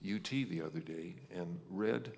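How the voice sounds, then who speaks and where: An older man giving a halting, reminiscing ceremony speech, with many pauses. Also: low-pitched, gravelly, a little mellow. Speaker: inductee presenter. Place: ceremony hall. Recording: hall reverb.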